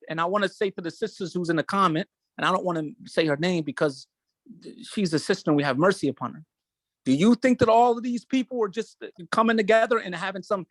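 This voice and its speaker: This man's voice sits high and sounds fairly bright, captured in a dry recording. Hosting a show, he delivers impassioned commentary with emotion and emphasis, using a preaching cadence and repeating phrases for weight.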